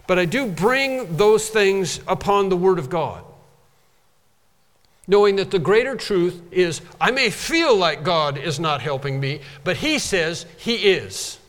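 A man's voice: sits high, a bit bright, long reverb tail. A man preaching a sermon, emphatic and repeating phrases to drive them home.

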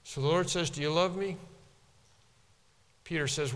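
A man preaching an expository sermon, earnest and halting, often repeating words for emphasis. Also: a little high, long reverb tail.

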